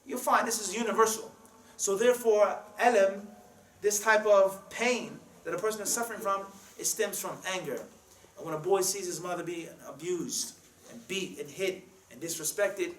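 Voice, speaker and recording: A man's voice: sits high, moderate pace, a bit bright, slight background noise. A man preaching a sermon in a mosque, emphatic and full of rhetorical questions, with Arabic quotes. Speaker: imam giving a talk. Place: mosque hall. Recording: roomy hall sound from a distance.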